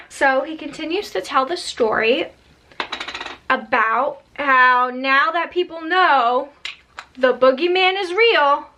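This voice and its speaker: A woman narrating a spooky tale in casual storytime style, chatty and animated with slangy asides. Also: high voice, slow pace, noisy background.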